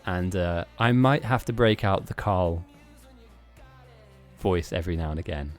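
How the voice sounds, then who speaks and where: A man's voice: sits low, measured pace, faint music behind. A man hosting a live-streamed game tournament, chatting casually in a rambling, self-mocking way with frequent laughs.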